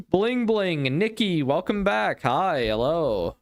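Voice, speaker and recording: A man's voice: sits high, very animated, takes it slowly. A man hosting a livestream, giving casual reaction commentary in an incredulous, exasperated way and laughing often.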